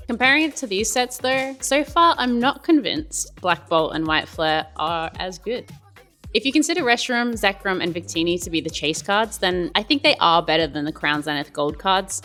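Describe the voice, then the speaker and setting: A woman's voice: mid-range voice, fairly bright tone. A woman with an Australian accent, hosting a casual pack-opening video and musing about each card as she goes. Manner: chatty, musing, rates cards as she opens. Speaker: YouTube card-opening host.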